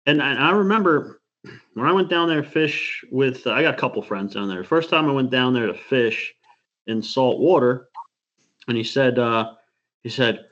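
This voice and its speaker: Man, podcast co-host, casual chat, rambling and animated, mid-pitched, slightly dull lo-fi sound. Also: normal speed.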